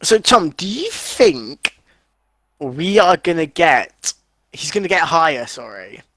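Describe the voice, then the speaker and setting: A young man co-commentating an online racing league, animated and emotional, crying out at big moments. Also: a little high, slow, no room sound.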